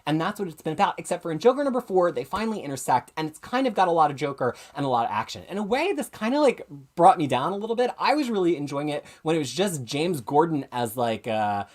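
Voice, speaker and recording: A comics show host talking in a casual live stream, rapid, chatty and opinionated, rambling and catching themselves as they go. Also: medium pitch, big pitch swings. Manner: enthusiastic, opinionated.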